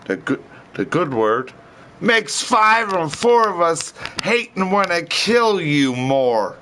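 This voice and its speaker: A man's voice: sits high, sing-song, slow, bright, forceful tone, a little hiss or hum. A man livestreaming a rambling, profane rant in heavy slang.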